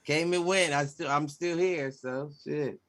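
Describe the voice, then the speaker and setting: A man's voice: fairly high pitch, fairly even intonation, measured pace, a bit bright. A man co-hosting a podcast, answering in a laid-back, dry way. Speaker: podcast co-host. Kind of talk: casual podcast chat.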